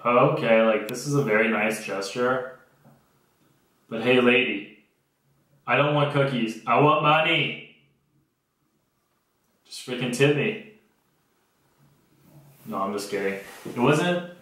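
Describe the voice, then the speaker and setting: A man's voice: lowish voice, a bit bright, very echoey, poor audio. A young man hosting his own podcast from a homemade studio, telling stories in a blunt, profane, sarcastic way. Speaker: podcast host. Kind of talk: casual comedic podcast monologue.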